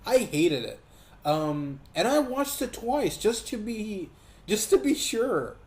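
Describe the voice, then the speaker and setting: Profane, animated man ranting in an echoey room. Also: high voice. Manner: profane, animated, quick asides with mocking quoted voices. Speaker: movie reviewer. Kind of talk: casual ranting review.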